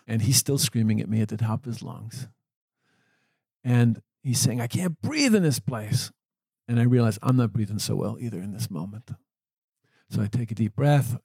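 A man with a low, gravelly, husky voice recounts his caregiving work in a gentle, earnest manner. The sound is dark and dry, close to the mic. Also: no echo. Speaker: end-of-life caregiver. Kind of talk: reflective storytelling.

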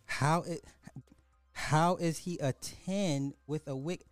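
A man's voice: a little high, steady tone, slow, no room sound, faint music behind. Rambling man reacting to a clip. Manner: rambling, trailing off mid-sentence. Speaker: reaction commentator. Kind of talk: reaction commentary.

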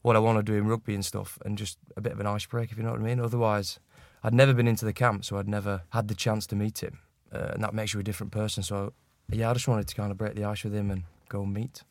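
Gravelly Northern English man chatting. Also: fairly low pitch, level tone, quick pace, hardly any pauses, no room sound, studio quality. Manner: laughs often, self-deprecating. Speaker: guest rugby player. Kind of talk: casual chat.

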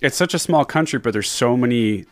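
A man co-hosting a podcast in casual chat, rambling and joking with quick asides. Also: mid-range voice, expressive, no room sound, faint music behind. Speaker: podcast co-host.

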